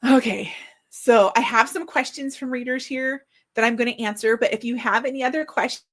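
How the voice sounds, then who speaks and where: A woman in her forties, an author hosting her own book launch livestream, chatting casually in an excited, slightly flustered way. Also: on the high side, fairly quick.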